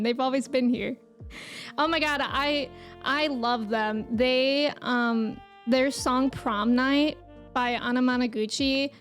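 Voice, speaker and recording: A young woman streaming live, chatting casually with viewers, giggling often and reading their comments aloud. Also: high voice.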